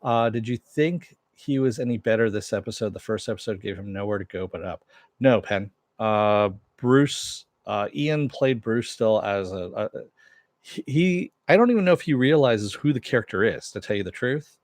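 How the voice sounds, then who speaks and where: Man, casual show recap, low voice, dry close sound, blunt, rambling with restarts. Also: expressive, moderate pace, no room sound. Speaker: show host. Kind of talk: casual TV recap and review, answering live chat. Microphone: wearing headphones.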